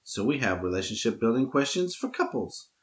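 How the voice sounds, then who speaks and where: A man's voice: medium pitch, big pitch swings, brisk. A man co-hosting a podcast in casual chat, joking and wisecracking, laughing a lot. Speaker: podcast co-host.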